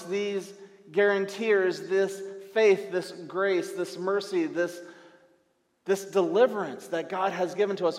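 Higher-voiced pastor preaching emphatically. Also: male voice. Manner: emphatic, repeats phrases in lists. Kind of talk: sermon. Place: church sanctuary. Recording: long church-hall reverb.

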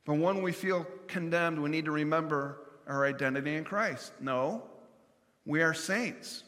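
Pastor, male, earnest sermon delivery, bright tone, long hall reverb. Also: fairly high pitch, unhurried. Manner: earnest, acts out Bible dialogue.

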